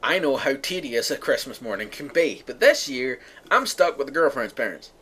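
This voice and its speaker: A man's voice: mid-range voice, big pitch swings, normal speed, sharp tone, breathy edge. A young man from the UK ranting sarcastically to his viewers, profane and exasperated. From United Kingdom. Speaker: vlogger. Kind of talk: ranting monologue to camera.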